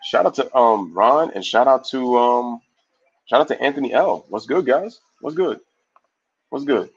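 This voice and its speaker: A man hosting a casual live sports stream, reading viewer comments aloud and giving shout-outs in a loose, slangy way. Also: medium pitch, moderate pace, husky, dull audio. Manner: loose, slangy, animated opinions.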